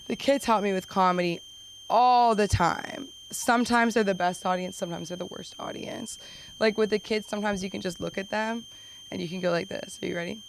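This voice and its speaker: A woman's voice: mid-range voice, fairly even intonation, a little fast, gravelly, a little hiss or hum, poor audio. A young woman doing a stand-up set at an open mic, chatty and self-deprecating, often slipping into silly voices. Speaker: stand-up comedian. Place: comedy club stage.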